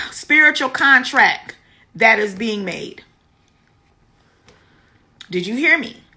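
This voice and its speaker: Middle-aged woman, high and bright, personal and earnest, teaches and testifies to a live audience. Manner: personal, greets viewers by name mid-story; earnest, repeats key words for emphasis. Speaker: womb healing teacher.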